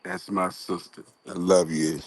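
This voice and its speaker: A man's voice: low-pitched, level tone, measured pace, breathy edge, no room sound. A man speaking in a live audio chat, supportive and streetwise.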